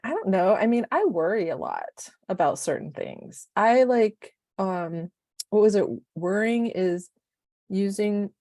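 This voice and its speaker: A middle-aged woman life coach, talking on a podcast at a mid pitch. She is expressive and emotional and rambles through personal stories. The recording is dry and close, with no room sound. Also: no echo. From United States. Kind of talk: casual podcast chat.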